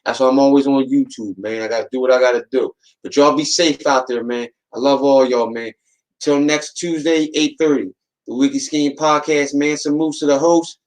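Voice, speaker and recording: A podcast host delivers a casual monologue in a medium-pitched, darkish voice with fairly even intonation and a moderate pace, captured on a low-quality recording. His slangy, streetwise storytelling acts out quoted voices, and he keeps warning listeners with a repeated "man" and "watch."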